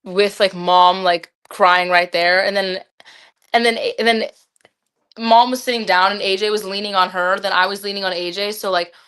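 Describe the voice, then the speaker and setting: A woman's voice: mid-range voice, fairly bright tone, smooth. A seventeen-year-old girl talking with her dad in a casual chat, rambling and filling her sentences with "like". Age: teenager. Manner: rambling, filler-heavy with lots of "like". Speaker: daughter, podcast guest.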